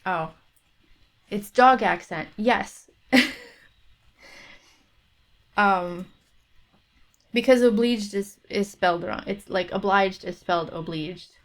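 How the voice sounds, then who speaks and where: A woman's voice: medium pitch, slow pace, long pauses. A woman reading a folk tale aloud for her book club stream, stopping for chatty asides. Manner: chatty, thinks aloud between passages.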